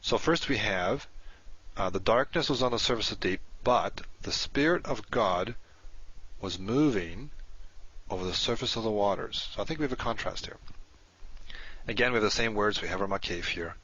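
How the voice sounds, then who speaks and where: A man teaching a recorded lesson, patient and explanatory, slowing down to spell out each word. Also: fairly low pitch, fairly bright tone, slightly rough. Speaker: Hebrew teacher. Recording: dull lo-fi recording.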